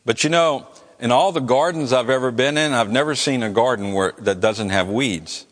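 A man's voice: mid-range voice, moderate pace. Earnest male preacher in an echoey hall. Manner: earnest, repeats words while building a point. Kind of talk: sermon. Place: church.

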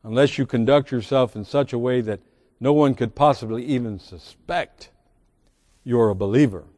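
A man's voice: mid-range voice, moderate pace, warm tone, big-room sound. A man preaching a sermon as pastor, reading scripture aloud with emphatic swells and sudden drops. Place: large church sanctuary.

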